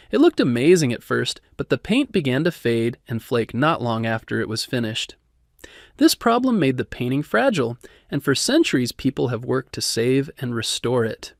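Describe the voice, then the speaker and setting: Calm man narrating a bedtime history. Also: mid-range voice, vocal fry, dry recording, clean studio sound.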